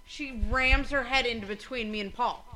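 A woman co-hosting a loose podcast, blunt and quick to swear. Her voice is bright and sits a bit high, and she talks in offhand, casual banter. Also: rough recording. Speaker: podcast co-host.

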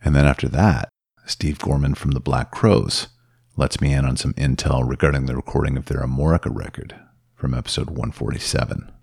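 Very deep gravelly podcast host. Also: male voice, steady tone, darkish tone, no room sound, clean studio sound. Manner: enthusiastic, quick to laugh and react. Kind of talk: casual interview chat.

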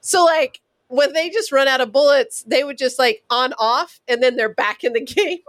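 A woman's voice: high-pitched, normal speed, a bit bright, no echo. A woman from California, a talk show co-host telling candid, swearing family stories in casual chat. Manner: candid storytelling with laughs and swearing.

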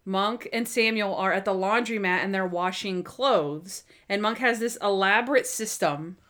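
A woman's voice: mid-range voice, normal speed, a bit bright. A young woman co-hosting a casual chat, retelling TV scenes with quoted voices and frequent laughter. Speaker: podcast co-host. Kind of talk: casual chat recapping a TV episode.

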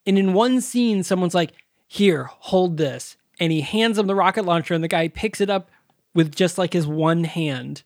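A woman's voice: fairly low pitch, normal speed, no echo, clean studio sound. A woman co-hosting a podcast, retelling a movie scene by scene in casual, swear-laden chat. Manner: animated, swearing, acting out scenes with laughs. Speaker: podcast co-host.

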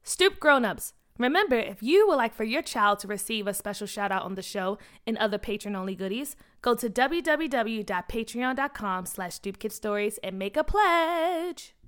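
An excited woman hosts a children's story show. She talks with a lot of energy, and her voice is high and bright. She reads announcements and then narrates the story. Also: normal speed, hardly any pauses. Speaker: children's story podcast host.

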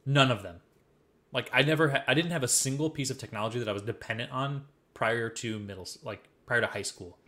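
Fast-talking, profane young man. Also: medium pitch. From American Midwest. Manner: profane, animated storytelling. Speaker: podcast co-host. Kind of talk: casual chat.

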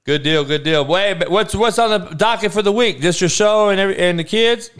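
A man's voice: high voice, a little fast, clear, resonant tone. A man hosting a casual streamed sports chat, swearing freely and bantering. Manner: profane, animated, laughing banter. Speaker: sports show host.

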